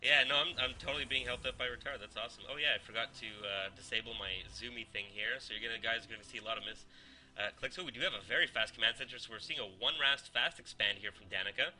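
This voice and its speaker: A man's voice: mid-range voice, fast, sharp tone, poor audio. A man casting a live strategy game tournament in a casual, joking way, laughing often. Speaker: esports caster.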